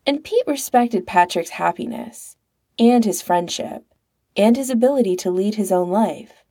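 A woman reads a story aloud in a wry, expressive way. Her voice is dark and husky with a creaky edge, and it rises and falls freely at a slow pace. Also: medium pitch. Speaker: narrator. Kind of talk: storybook reading.

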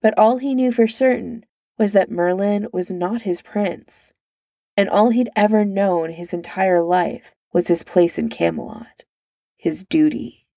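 Slow, gravelly woman reading a story. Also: mid-range voice, no echo, studio quality. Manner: unhurried, steady storytelling. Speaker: narrator. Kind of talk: reading fan fiction aloud.

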